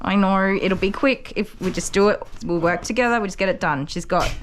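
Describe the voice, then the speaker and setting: A woman working as a dog groomer, chatting to viewers and explaining each step as she works, with soft cooing asides to a puppy. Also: mid-range voice, brisk, a little hiss or hum. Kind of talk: casual vlog narration while working.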